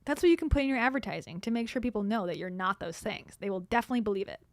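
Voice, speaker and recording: A woman's voice: mid-range voice, animated, very fast, dry recording, studio quality. A middle-aged woman hosting a casual livestream, telling a story in a chatty way with frequent laughs. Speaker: livestream host. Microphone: streaming mic.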